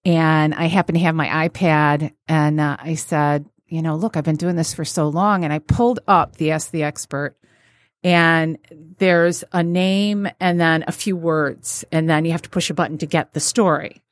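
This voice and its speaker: A woman's voice: sits low, moderate pace, no room sound. A woman relationship expert telling stories in casual talk-show chat, acting out the people she quotes. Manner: animated storyteller, acts out quotes.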